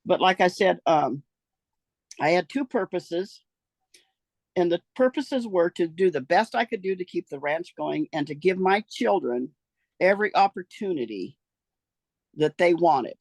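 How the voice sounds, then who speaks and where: A woman's voice: lowish voice, lively intonation, moderate pace, no echo. An older woman talking casually about her life as an interviewee, in a folksy, rambling way that trails off and restarts. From American rural West. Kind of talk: casual storytelling.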